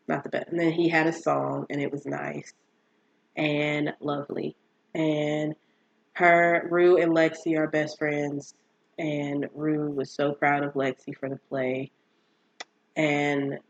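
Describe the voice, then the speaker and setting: Chatty woman podcast host, gravelly voice, dull lo-fi audio, casual solo recap. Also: low voice. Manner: chatty, animated, with frequent fillers and restarts.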